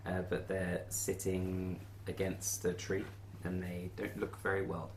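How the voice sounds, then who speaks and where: Low-voiced man running a tabletop game. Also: measured pace, roomy sound, a little hiss or hum. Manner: relaxed, chuckling, hesitant. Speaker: game master.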